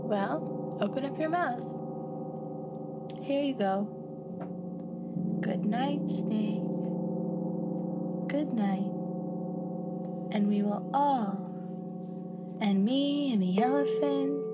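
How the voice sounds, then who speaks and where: Woman storyteller, children's bedtime yoga tale: playful, coaxing, unhurried pace. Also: fairly high pitch. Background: loud glockenspiel and marimba music.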